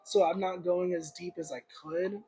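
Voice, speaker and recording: A young man with a high, husky voice gives a casual tarot reading on a livestream. He rambles, trails off and hunts for words, padding his talk with fillers. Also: fairly even intonation, moderate pace, dark tone, low-quality recording. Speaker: tarot reader.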